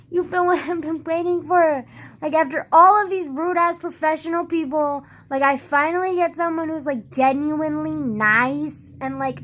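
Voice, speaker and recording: A young woman telling a rambling story in a casual vlog, full of "like" and swearing, acting out what people said. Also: high-pitched. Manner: rambling, heavy use of "like", swearing; animated retelling with quoted dialogue.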